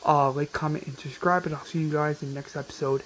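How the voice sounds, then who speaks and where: A man's voice: on the high side, steady tone, quick pace, fairly bright tone, slight background noise, rough recording. A man casually recapping an episode on his channel, rambling with many fillers and restarts. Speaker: video recapper.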